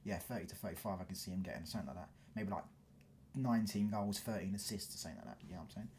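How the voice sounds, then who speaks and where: A man's voice: low voice, racing, a little mellow, slight background noise. A man with a London accent chatting casually on a football live stream, reading out comments, dropping slang and constantly checking you follow him. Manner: casual slangy, keeps asking "do you get what I'm saying".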